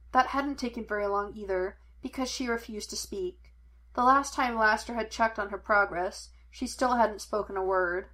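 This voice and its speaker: A woman reading fan fiction aloud as an audiobook, in an even, plain storytelling manner. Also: medium pitch. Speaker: audiobook reader.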